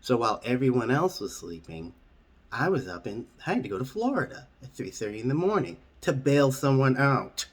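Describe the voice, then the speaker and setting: A man telling an absurd comic story straight, in a matter-of-fact, deadpan way. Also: mid-range voice, a little fast, breathy edge. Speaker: storyteller host.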